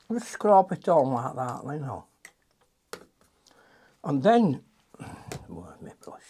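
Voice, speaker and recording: A man's voice: medium pitch, gravelly, mellow, husky. An older man, chatting and muttering to himself as he demonstrates a watercolour painting.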